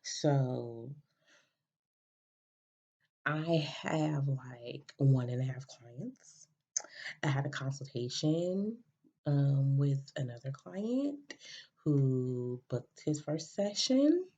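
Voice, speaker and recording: Husky woman host just chatting, lots of um and restarts, kinda muffled lo-fi sound. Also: very deep voice, animated, extremely slow, long pauses, warm tone. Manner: rambling, many fillers and restarts. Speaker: podcast host. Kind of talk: casual storytelling chat. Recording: dull lo-fi recording.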